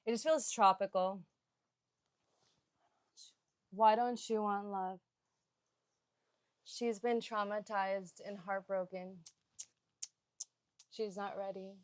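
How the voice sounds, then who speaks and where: A woman's voice: mid-range voice, fairly even intonation, slow, long pauses, dry recording. A young adult woman leading a live yoga sculpt workout, chatting and gushing between cues with lots of "like". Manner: rambling, gushing, heavy use of "like".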